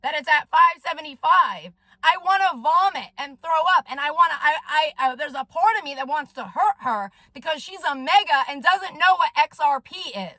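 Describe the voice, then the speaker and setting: A woman talks straight to her viewers in a heated, swearing rant and keeps punctuating her points with "okay?". Her voice sits high and sounds bright and sharp. The sound is dry and close, with no room echo. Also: animated, normal speed. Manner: agitated, profane, tags sentences with "okay?". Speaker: vlogger and soul coach. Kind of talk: direct-to-camera rant.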